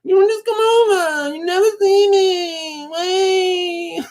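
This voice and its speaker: A man's voice: very high voice, fairly even intonation, slow, a little mellow, voice pushed up. A man doing a naggy, lonely woman. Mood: whining. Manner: naggy, whining.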